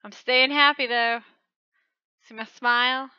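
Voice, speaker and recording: Woman host, excitable and gasping, commenting on her own play. Smooth, crisp voice on a dry, dull recording. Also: a little high, a little slow, no echo. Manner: excitable, frequent gasping exclamations. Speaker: channel host. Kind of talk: casual game commentary.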